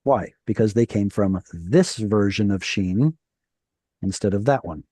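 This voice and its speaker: A man's voice: lowish voice, expressive, measured pace, warm tone, no echo, clean studio sound. A man teaching Hebrew in a live online reading class, patiently explaining and correcting pronunciation. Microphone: video call.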